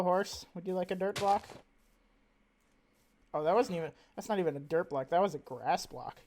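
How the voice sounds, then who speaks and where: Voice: medium pitch, darkish tone. A gamer giving casual let's-play commentary, rambling and chatting to in-game animals. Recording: audible background noise.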